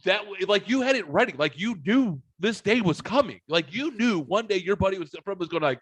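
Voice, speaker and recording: A man's voice: high voice, expressive, fairly quick, hardly any pauses, fairly bright tone, slightly rough, no room sound. A man in his twenties hosting a podcast, telling a profane story in casual chat and acting out the voices of people in it. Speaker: podcast host.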